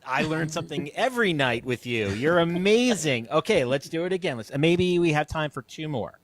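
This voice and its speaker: A man's voice: a little high, animated, normal speed. A man hosting a casual chat, eagerly asking questions and repeating what the drummer shows. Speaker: host.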